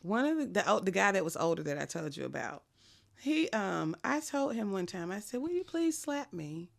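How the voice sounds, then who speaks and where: A woman guest in casual chat, telling stories in an animated, profane way. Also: mid-range voice, fairly quick, creaky.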